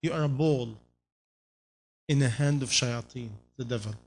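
A man's voice: mid-range voice, moderate pace. A man preaching a sermon in non-native English phrasing, pressing his listeners with repeated rhetorical questions.

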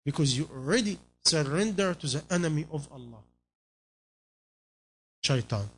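A man's voice: on the high side, expressive, moderate pace, breathy edge. A man preaching a sermon in non-native English phrasing, pressing his listeners with repeated rhetorical questions.

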